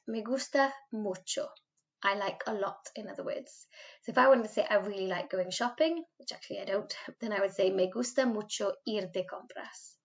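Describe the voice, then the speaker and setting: A woman's voice: mid-range voice, creaky, muffled recording. Patient Welsh woman teaching Spanish. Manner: patient, modelling words slowly for repetition. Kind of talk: recorded remote language lesson.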